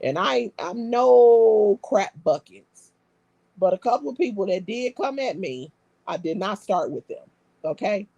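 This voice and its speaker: This is a woman chatting on a live stream, trading brash, profane banter with her viewers. Her voice has a gravelly, husky grain. The sound is dry and close, with no room echo. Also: medium pitch, animated, moderate pace, lo-fi sound. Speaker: live stream host reading comments. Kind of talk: casual live-stream chat.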